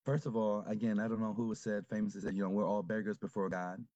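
A priest with a low, mellow voice talks over faith in a relaxed, halting way, often stopping to add fillers. The sound is dry and a little dull, as on a lo-fi recording. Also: male voice, no echo. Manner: reflective, halting, many fillers. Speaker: Catholic priest. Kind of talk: casual conversation.

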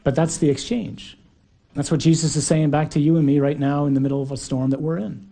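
A male preacher delivering an earnest, emphatic sermon. His voice sits fairly high but sounds mellow, with a husky grain. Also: flat delivery, fairly quick. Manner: earnest, emphatic, acts out quotes.

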